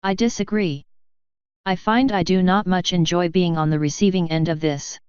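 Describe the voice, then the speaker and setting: A woman voicing a formal, measured male changeling disguised as a pony. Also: lowish voice, fairly even intonation, darkish tone, clean tone, no echo, lo-fi sound, close to an everyday voice. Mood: content.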